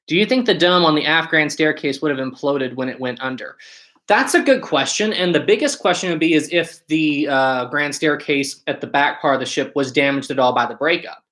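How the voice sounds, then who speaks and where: A man's voice: a little high, expressive, brisk, a bit bright. A man hosting a live stream, reading viewer questions aloud and answering them casually, thinking aloud as he goes. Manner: casual, thinks aloud with restarts and short laughs. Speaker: channel host.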